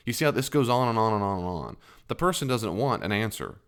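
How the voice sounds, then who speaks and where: Middle-aged man, low voice, casual psychology talk, lively and given to playful quoted voices. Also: fast talker, smooth. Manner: animated, laughs at his own jokes, acts out quotes in a higher voice. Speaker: psychology teacher.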